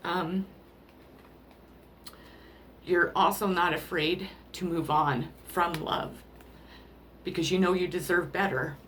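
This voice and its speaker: A woman doing a spiritual card reading, emotional and rambling, often pausing to apologize as she talks to the listener about love. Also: on the low side, steady tone, a bit bright, a little hiss or hum. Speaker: tarot card reader.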